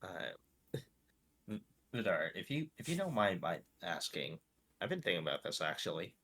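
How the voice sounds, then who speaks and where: Deep low male voice, tabletop player, halting, laughing, many fillers. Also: very animated, bright, forceful tone, slightly rough. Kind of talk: tabletop role-play chat.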